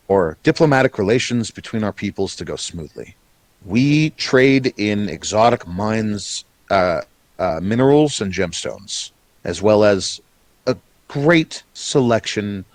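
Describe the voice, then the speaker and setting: A man voicing a nervous, fussy male goblin noble who talks high, flustered and overly polite. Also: no echo.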